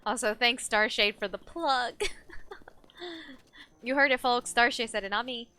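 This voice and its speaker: Bright, chatty woman game streamer. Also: fairly high pitch, measured pace, smooth. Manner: chatty, giggly, reads chat aloud. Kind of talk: live game stream chat.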